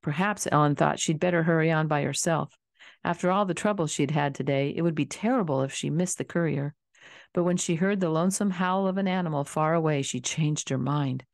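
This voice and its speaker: A woman narrating a children's novel in a calm, steady storybook reading. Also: sits low, a little fast, no echo, studio quality. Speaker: audiobook reader.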